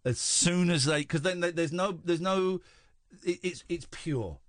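A man's voice: sits high, measured pace, no echo, studio quality. A man hosting a late-night radio phone-in, teasing callers and rambling jokily. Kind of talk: late-night call-in banter.

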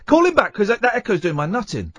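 A man's voice: high voice, very animated, quick pace, no room sound. A man hosting a late-night radio show, rambling and teasing his co-host in a playful, chatty way. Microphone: studio microphone.

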